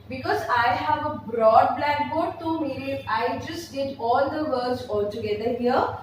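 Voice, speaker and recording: Pre-primary teacher, Indian English accent, spells words slowly for small children, recorded at a distance in a roomy, echoey classroom. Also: female voice, high-pitched, noisy background. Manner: slow, spelling words letter by letter, then repeating them with emphasis. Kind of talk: online phonics lesson at a blackboard. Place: classroom with a blackboard.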